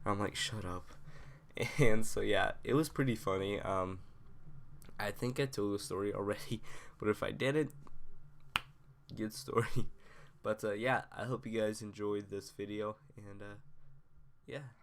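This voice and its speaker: A man's voice: lowish voice, measured pace, pauses often, slight background noise. A young man telling a story to his channel in a rambling, casual way, full of fillers. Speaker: vlogger.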